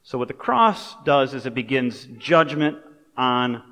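A man delivering a sermon in a relaxed, conversational manner, weaving in personal stories and side remarks. His voice sits at an ordinary middle pitch for a man. The recording carries the long reverb of a large church sanctuary. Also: a little slow. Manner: conversational, storytelling, with asides. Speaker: pastor.

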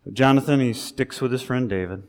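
A male pastor giving a sermon, talking in a conversational, animated way that rises into emphasis. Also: medium pitch, fairly quick. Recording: long reverb of a large hall.

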